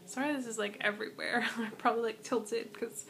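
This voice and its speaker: A woman's voice: on the high side, fairly even intonation, fairly quick, vocal fry, slight background noise. Chatty young woman vlogging from bed. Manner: chatty, rambling, peppered with "like", soft whispered asides. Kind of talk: casual chat to camera. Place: bedroom at home. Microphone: iPad propped on bed.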